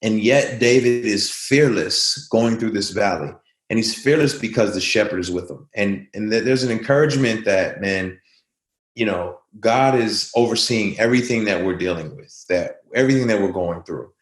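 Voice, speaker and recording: A man's voice: lowish voice, moderate pace, echoey room. A man speaking as an interview guest, earnest and reflective, telling stories in a conversational way.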